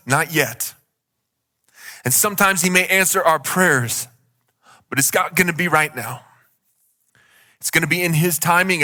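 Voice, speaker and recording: A man's voice: on the high side, bright, forceful tone. A male pastor giving a conversational sermon, often saying "like" as he speaks. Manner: conversational, heavy use of "like".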